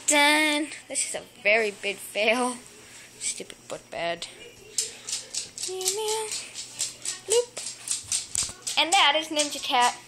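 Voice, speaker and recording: Young woman, casual pet vlog, playful and giggly, high and swooping voice, phone recording at home. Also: noisy background. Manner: playful, giggly, talks to her pets in silly sound effects. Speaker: vlogger filming her pets. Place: home indoors. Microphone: phone camera.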